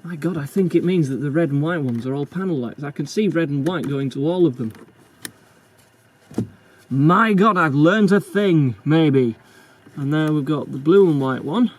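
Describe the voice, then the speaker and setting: A man's voice: on the high side, normal speed, a little hiss or hum. A man restoring a car, chatting and muttering to himself as he works, self-deprecating and casual. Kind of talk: casual narration while working on a car.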